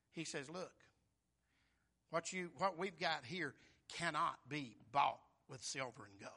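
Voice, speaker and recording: A preacher man delivers his sermon with a very bright, ringing voice pitched fairly high for a man. His delivery is folksy and emphatic, climbing into loud, shouted peaks. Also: slightly rough.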